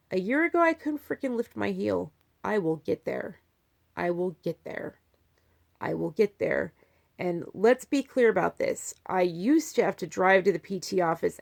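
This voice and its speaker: A woman talking in a casual video diary about her health, rambling with many "like" fillers and swinging between soft, heartfelt talk and fired-up outbursts. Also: medium pitch, lively intonation, moderate pace, vocal fry. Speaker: vlogger sharing a health update.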